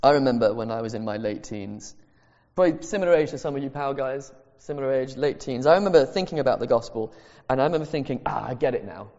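A man's voice: mid-range voice, fast talker, a little mellow. A man preaches to his congregation, earnest and insistent, circling back to the same phrases to drive them home. His mid-range voice carries a long reverb through the church. The sound is dull and lo-fi. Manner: earnest, repeats key phrases for emphasis. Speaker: pastor. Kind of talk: sermon. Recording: echoey hall, dull lo-fi sound.

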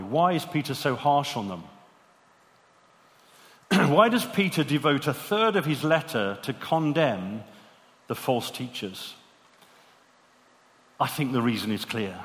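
A man's voice: medium pitch, fairly bright tone. A man preaching a sermon in an earnest way, asking many rhetorical questions. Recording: reverberant hall.

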